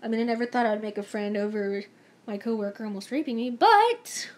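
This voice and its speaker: A young woman with a high-pitched voice tells a story-time vlog to camera. She talks in a chatty, emphatic way and acts out what everyone said. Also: lively intonation, brisk. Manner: chatty, emphatic, mimics others in dialogue. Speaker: vlogger.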